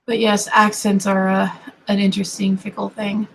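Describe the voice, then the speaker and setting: This woman streams as a digital artist, talking loosely as she draws, with apologetic, self-mocking remarks that often dwindle into murmurs. Her gravelly, mid-range voice is fairly bright yet monotone, at normal speed, and the recording quality is low.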